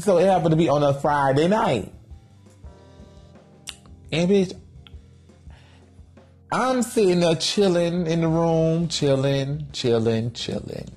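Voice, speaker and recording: A man's voice: on the high side, darkish tone, breathy edge. A man in a casual storytime monologue, talking in a sassy, theatrical, profane way, full of "girl" and "bitch" asides. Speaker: vlogger telling a story.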